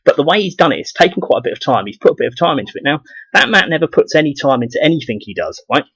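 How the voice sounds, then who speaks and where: A man's voice: on the high side, very animated, rapid-fire, a bit bright, breathy edge, no echo, rough recording. A man with a southeast English accent delivering a rambling, profane ranting monologue for his video blog, full of repeated restarts. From southeast England. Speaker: video blogger.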